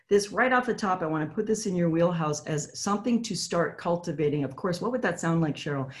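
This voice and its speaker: Teaching a live online session, an apparently Canadian woman keeps things chatty and supportive while reading out chat responses. She speaks briskly with few pauses in a lowish, animated voice.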